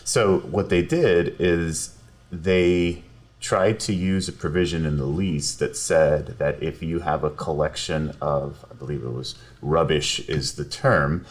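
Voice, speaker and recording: A man, a lawyer, telling a story in a casual podcast interview, animated and quick to laugh while acting out quotes. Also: very deep voice. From South Texas. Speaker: personal injury lawyer, podcast guest. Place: podcast studio.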